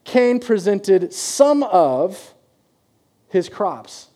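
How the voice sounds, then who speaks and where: A man's voice: sits high, sing-song, drawn-out words, mellow. A man preaching a sermon as a pastor, talking casually and acting out the people in his stories. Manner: conversational, acts out quoted voices.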